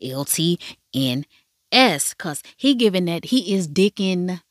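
A woman's voice: on the low side, big pitch swings, slow, no room sound, studio quality. A woman hosting a podcast, giving a casual, profane recap of a drama with playful asides to listeners. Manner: frank, profane, chatty storytelling. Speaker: podcast host.

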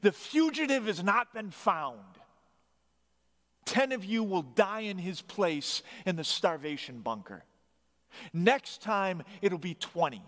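A man's voice: high-pitched, sing-song, a little slow, hardly any pauses, long reverb tail, voice pushed up. A man voicing a cruel, screaming male prison camp commandant who barks harsh orders.

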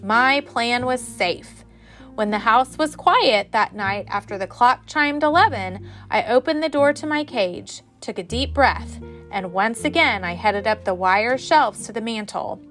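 A woman teacher reads a children's chapter book aloud to her class. Her voice sits a little high and swoops widely with expression, in an animated storytelling delivery. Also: a little slow, soft background music.

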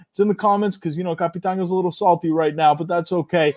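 A high-pitched young man hams up an ad read on a casual podcast. He is loud and playful, joking with his co-host between the lines. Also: little pitch movement, quick pace. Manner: loud, hyped, jokey. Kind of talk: casual podcast banter with ad reads.

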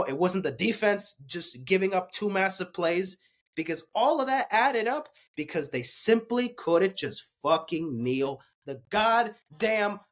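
A young man hosting a casual sports recap, ranting with lots of swearing, heated one moment and muttering in defeat the next. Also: high-pitched. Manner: ranting, profane, swings from heated to deflated mutters.

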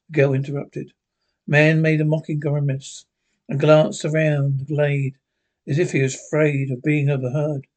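A man reading a classic horror story aloud in a plain, steady storytelling voice, with occasional slips. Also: fairly high pitch, moderate pace. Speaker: narrator.

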